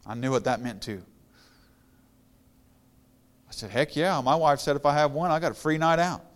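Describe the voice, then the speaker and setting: Man preaching a personal story, smooth voice. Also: on the high side, moderate pace. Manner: conversational testimony, grows louder and more fervent when preaching. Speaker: guest pastor. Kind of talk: storytelling sermon.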